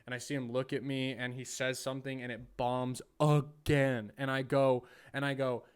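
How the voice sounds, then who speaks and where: A young podcast host tells a story in loose, profane chat and acts out the lines of the people in it. His voice is smooth and clear, at an ordinary pitch for a man. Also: moderate pace. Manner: animated, profane, acts out quotes.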